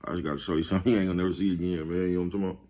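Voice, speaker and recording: A man's voice: deep voice, flat delivery, rapid-fire, warm tone. A man, talking casually to his viewers, laid-back and repetitive, laughing at his own jokes. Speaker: vlogger. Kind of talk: casual monologue to camera.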